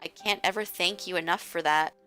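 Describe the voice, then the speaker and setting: A woman's voice: on the low side, steady tone, fairly quick, pushed and bright, soft background music. A woman voicing an obsessive, tearful young woman who clings to the one she loves and pleads with him. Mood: adoring.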